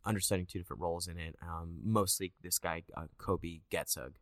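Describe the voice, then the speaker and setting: A man's voice: brisk, dry recording, studio quality. A man in his thirties, an actor, chatting casually in an interview and acting out quotes as he tells stories. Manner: animated storyteller, acts out quotes in a higher voice. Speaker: actor guest.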